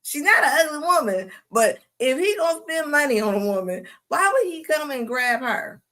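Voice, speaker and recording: A woman's voice: sits high, big pitch swings, pushed and bright. A woman hosting a livestream, giving mocking reaction commentary with frequent laughter. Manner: laughing mocking banter, drawn-out asides. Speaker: host.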